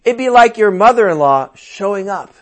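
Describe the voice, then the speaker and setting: Animated high-voiced male preacher. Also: normal speed. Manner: animated and conversational, with playful asides and sudden outbursts. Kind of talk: sermon.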